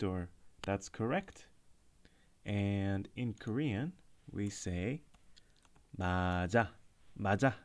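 A man teaching a short language lesson, explaining in an upbeat, clear way and repeating example words. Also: lowish voice, darkish tone.

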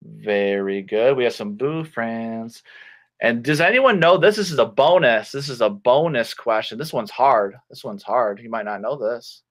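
A man teaching children English online, reading a storybook and acting out words in a slow, clear, animated way. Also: medium pitch. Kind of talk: playful ESL lesson for children.

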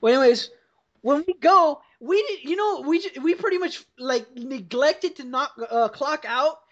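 Animated and high-voiced at a moderate pace, a young woman hosting a podcast rambles through a profane story and laughs along. It's casual call storytelling, recorded on a computer call mic with dull lo-fi audio.

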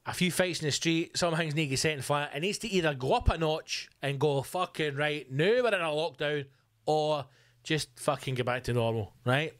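A man's voice: fairly high pitch, fairly bright tone, no room sound, studio quality. A man hosting a podcast, ranting comically with sarcastic swearing asides. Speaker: podcast host. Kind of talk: comic rant. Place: home room.

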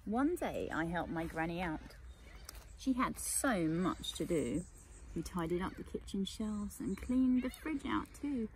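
A young woman reading a children's picture book aloud at an unhurried pace. Her delivery is gentle and expressive, her pitch moving a lot and sitting a little high. A faint hiss lingers in the background. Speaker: children's story reader.

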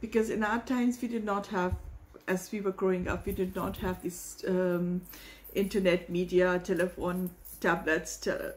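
A woman hosting a reaction video, talking in an emotional, halting way and searching for words. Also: on the low side, level tone. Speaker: host reacting to a hymn. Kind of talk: casual reaction vlog.

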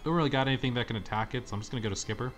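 A young man talks through his gameplay in a mid-pitched, casual voice, with soft game music under him. He grumbles and rants at the game with theatrical exasperation. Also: racing. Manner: exasperated, dramatic complaining, yells at the game. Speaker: let's-play gamer. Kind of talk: gameplay commentary. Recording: faint game music behind.

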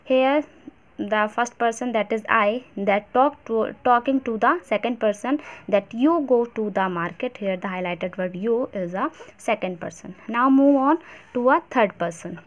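Teacher, female, Indian English accent, slightly high voice, explains step by step with halting pauses. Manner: explains step by step, many fillers and restarts. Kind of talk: classroom grammar lesson.

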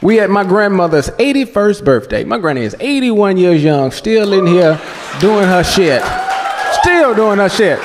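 A man performing a stand-up comedy set, telling profane, animated stories on a club stage before a live audience. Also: high voice, normal speed, crowd noise. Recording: live club recording with echo, audience laughter and noise.

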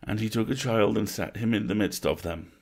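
A man reading a classic story aloud at a measured, atmospheric pace, as a bedtime story. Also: fairly low pitch.

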